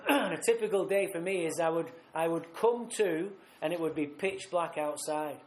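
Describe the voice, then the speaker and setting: A man speaking at a recovery retreat, telling his own story bluntly and vividly, acting out scenes with rough language. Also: a little high, moderate pace, slight background noise. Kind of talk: personal recovery story told live. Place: retreat meeting room. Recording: roomy live talk recording.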